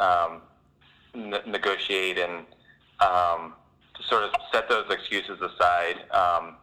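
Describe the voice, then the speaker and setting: Low, bright-toned male interview guest. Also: poor audio. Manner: halting, lots of ums and restarts. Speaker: podcast guest, long-distance hiker. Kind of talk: interview answers.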